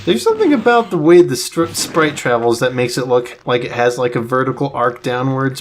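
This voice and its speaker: Relaxed man narrating his gameplay. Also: mid-range voice, normal speed, few pauses, slight background noise. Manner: relaxed, explains gameplay as he goes. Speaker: let's play host playing the game. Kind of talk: casual gaming commentary.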